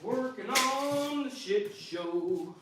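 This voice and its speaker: A man's voice: very high-pitched, lively intonation, very slow. A man talking crudely and jokingly to himself while working on a skid steer in his shop, grumbling and ranting as he goes. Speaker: vlogger. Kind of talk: casual workshop vlog. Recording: roomy and distant, noisy background.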